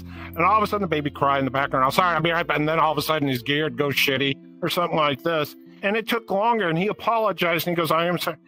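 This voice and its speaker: A man's voice: a little high, sharp tone, poor audio. A man co-hosting an interview show, chatting casually in a rambling, folksy way with loose grammar. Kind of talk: casual chat.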